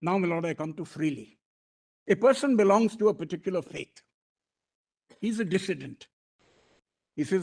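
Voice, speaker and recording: A man's voice: sits high, animated, moderate pace, gravelly, pauses often, darkish tone. A man with an Indian English accent arguing formally before a court bench, deferential and emphatic, addressing the judges as "my lord" and often restarting his phrases.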